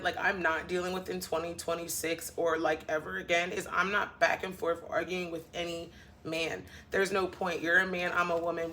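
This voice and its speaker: A woman's voice: on the low side, a bit bright, slight background noise. A woman vlogger from the northern US, venting bluntly in a casual chat to camera, with sassy asides to her viewers.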